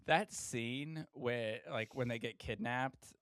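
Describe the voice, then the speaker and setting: A man's voice: medium pitch, slow, fairly bright tone, clear, resonant tone, no echo. A man co-hosting a casual podcast, laughing easily and swearing as he swaps stories. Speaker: podcast co-host. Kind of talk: casual chat.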